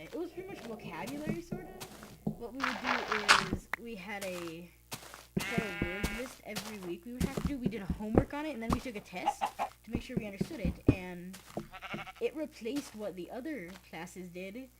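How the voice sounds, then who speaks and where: A man's voice: sits high, expressive, normal speed. A teenage boy rambling through a casual story, full of fillers and restarts, as host of a game video. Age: teens. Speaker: let's play host. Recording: loud background noise with clicks.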